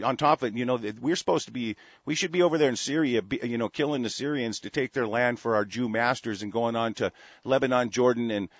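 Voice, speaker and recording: A man's voice: mid-range voice, fairly bright tone, dry recording. Angry ranting man, lo-fi dry sound. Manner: profane, heated, many restarts. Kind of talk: angry political rant. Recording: dull lo-fi dry recording.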